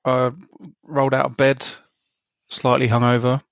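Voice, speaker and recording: A man's voice: medium pitch, completely flat delivery, a little slow, creaky, no echo, lo-fi sound. A man co-hosting a podcast, talking casually and hesitantly with plenty of ums. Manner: hesitant, full of ums and uhs. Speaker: podcast co-host. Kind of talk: casual chat.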